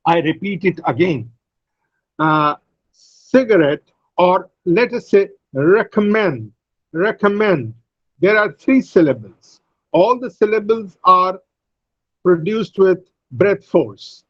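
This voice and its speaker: Slow, husky teacher. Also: male voice, high-pitched, big pitch swings, dry recording, dull audio. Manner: explains slowly, repeats words, uses frequent fillers. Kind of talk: online English phonetics lecture. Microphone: video call.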